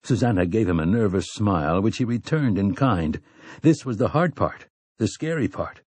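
Brief: male audiobook narrator, low and mellow, husky, measured reading. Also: lively intonation, no room sound. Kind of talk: scripted narration.

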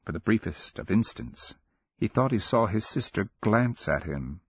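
A man narrating a fantasy audiobook in a steady, measured storytelling manner. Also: fairly low pitch, vocal fry, breathy edge, no room sound, lo-fi sound.

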